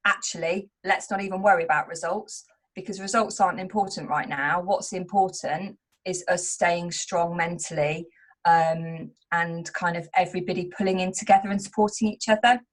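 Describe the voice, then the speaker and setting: A woman's voice: on the low side, steady tone, normal speed. A middle-aged woman who runs a home business and leads a team, speaking openly and earnestly in a candid motivational talk. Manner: open and earnest, speaking in a confessional tone.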